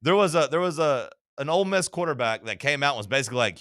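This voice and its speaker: A man co-hosting a sports talk show in casual banter, rambling and animated, often slipping into mock quotes. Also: a little high, fast, hardly any pauses, no room sound, clean studio sound.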